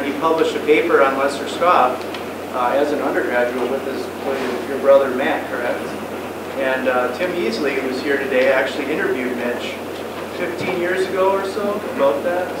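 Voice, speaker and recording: Male host, slightly high voice, halting intro, distant mic in a boomy lecture room with a loud air-conditioning hum. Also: very echoey. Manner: halting, many fillers and restarts. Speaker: colloquium host introducing speakers.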